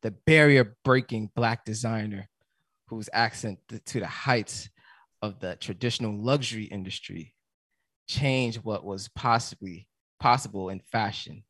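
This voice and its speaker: A man's voice: lowish voice, measured pace, fairly bright tone, dry recording. A man hosting a casual podcast, reading out news stories in a loose, joking way. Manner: loose and joking, breaks into laughter.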